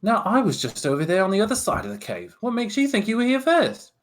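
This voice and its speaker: A man's voice: a little high, big pitch swings, normal speed, a little mellow, slightly rough, voice pushed up. A man voicing a suspicious male rabbitfolk doppelganger in a tabletop game. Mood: defensive.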